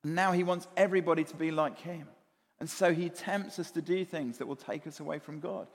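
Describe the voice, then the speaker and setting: Man, preacher, sermon, high voice, long hall reverb. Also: fairly quick. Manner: animated, repeats words, asks the congregation questions.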